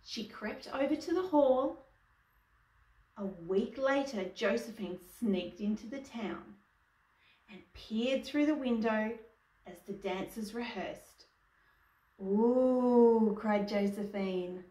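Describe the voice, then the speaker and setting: Woman storyteller for kids, asks listeners questions, slow and unhurried, echoey room. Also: a little high, animated, darkish tone. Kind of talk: reading a picture book aloud to children. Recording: echoey room, distant mic.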